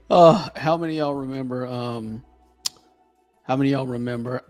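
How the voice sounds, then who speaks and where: A man online commentator talks casually and ironically, clearly amused. He speaks slowly and draws his words out. His pitch moves widely, and faint music runs behind. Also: very animated, sharp tone. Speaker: social media commentator. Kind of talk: casual opinion chat.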